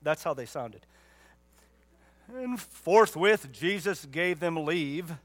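A man's voice: on the high side, expressive, slow. A man pastor preaching a sermon with emphatic rhetorical questions and folksy asides.

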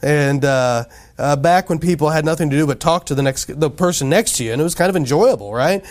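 Speaking briskly in a higher male voice, a pastor delivers a casual, conversational sermon. He often asks the congregation questions and acts out the voices of people he quotes.

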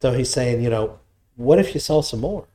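A man's voice: mid-range voice, lively intonation, normal speed, dark tone. A middle-aged male pastor preaching a sermon, reading scripture aloud and explaining it with conversational asides.

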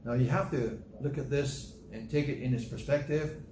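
A man's voice: medium pitch, a little mellow. Emphatic male preacher in an echoey room. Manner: emphatic, repeats phrases, reads scripture slowly. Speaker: pastor. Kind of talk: sermon. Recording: echoey room with faint noise.

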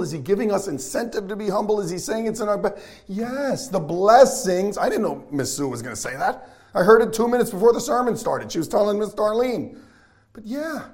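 Male pastor, higher voice, excitable sermon delivery with questions to the room.

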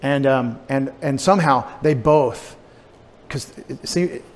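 A pastor giving a conversational, digressive sermon, with asides and restarts. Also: male voice, mid-range voice, takes it slowly. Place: church sanctuary. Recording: long church reverb, faint room noise.

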